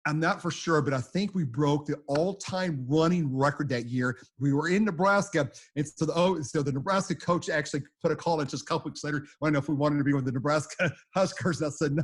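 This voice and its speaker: A middle-aged man tells his storm stories in a rambling, animated way, often repeating himself and acting out what people said. His voice sits a touch high for a man. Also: slightly rough. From United States. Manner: rambling, repeats words, acts out quotes. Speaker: storm chaser guest. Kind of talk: animated storytelling.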